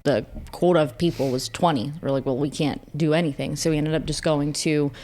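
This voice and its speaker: Casting: woman, 30s, podcast co-host, lower-pitched, joking and casual. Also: fairly even intonation, fairly quick, warm tone. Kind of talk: casual chat.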